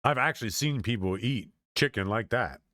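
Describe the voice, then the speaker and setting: A man's voice: medium pitch, moderate pace, pushed and bright, no echo, clean studio sound. A man streaming, giving casual chatty reaction commentary and laughing often.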